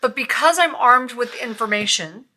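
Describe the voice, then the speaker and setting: A middle-aged woman co-hosts a podcast and tells stories with lively, animated energy. Her voice sits a little high with a bright, forward edge. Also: moderate pace. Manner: lively storyteller, animated when quoting. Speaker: podcast co-host, nurse. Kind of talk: casual podcast conversation.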